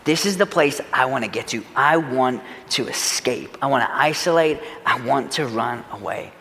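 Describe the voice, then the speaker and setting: A man preaching a sermon as a pastor, earnest, swinging from loud urgency to hushed reflection. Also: mid-range voice, lively intonation, moderate pace, long reverb tail, a little hiss or hum. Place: church sanctuary.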